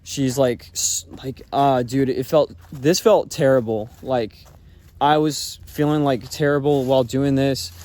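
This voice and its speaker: A man's voice: medium pitch, steady tone, measured pace, a little mellow. A man telling a personal story in a casual, rambling way, full of fillers and swearing. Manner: rambling, filler-heavy talk with frequent swearing.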